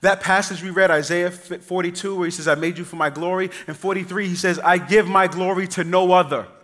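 A man preaching a sermon, telling family stories with acted voices and shifting between loud emphasis and quiet, casual delivery. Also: sits high, a little fast. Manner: animated storytelling, acting out voices of his kids; casual, addresses the congregation as y'all. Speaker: pastor.

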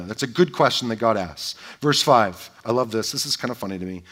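A man preaching a sermon in a conversational, playful way, often checking in with his listeners with a quick "right?". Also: medium pitch, bright, forceful tone. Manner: playful, joking asides. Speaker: pastor.

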